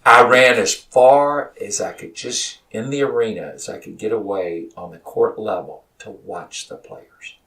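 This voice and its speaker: A man, a college basketball head coach, telling stories in an animated way as a studio guest, repeating words as he gets worked up. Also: on the low side, unhurried, few pauses. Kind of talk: emotional storytelling in a studio interview. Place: radio studio. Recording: voice sounds far from the mic.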